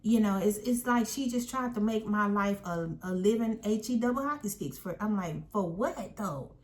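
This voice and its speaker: A woman casually telling a personal story in an animated, emphatic way. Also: medium pitch, normal speed. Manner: animated, emphatic retelling with quoted voices.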